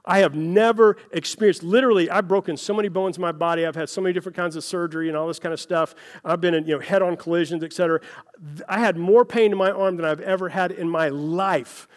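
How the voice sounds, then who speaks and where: High-voiced pastor in a reverberant hall. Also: male voice, steady tone, fast talker. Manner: folksy storytelling, addresses listeners as "guys". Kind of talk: conversational sermon.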